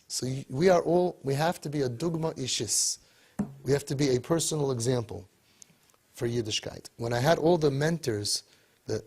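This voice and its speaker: A man giving an animated motivational talk to parents, full of rhetorical questions. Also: medium pitch, husky. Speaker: speaker to parents.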